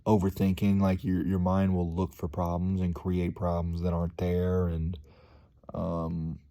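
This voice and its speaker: A man's voice: low voice, monotone, measured pace, mellow. A young man talking casually to his viewers in a rambling, slangy vlog monologue, full of fillers and calling people "dude". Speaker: vlogger.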